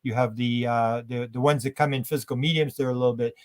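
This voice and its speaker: Fast-talking, rambling man. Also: medium pitch. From Canada. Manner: rambling, animated, acts out quotes. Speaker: guest. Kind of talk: interview.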